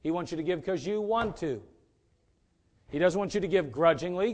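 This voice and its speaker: A man preaching a sermon as pastor, emphatic and rising to loud peaks. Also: high voice, animated, moderate pace, pauses often.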